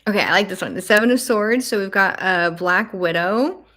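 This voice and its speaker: A young woman hosting a live tarot flip-through, chatting warmly with viewers and gushing over each card. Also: mid-range voice, expressive, moderate pace. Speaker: tarot channel host.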